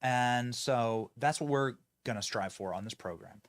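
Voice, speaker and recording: A man hosting a political commentary show, talking in an animated, sarcastic, chatty way. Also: mid-range voice, moderate pace, hardly any pauses, no room sound. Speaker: host.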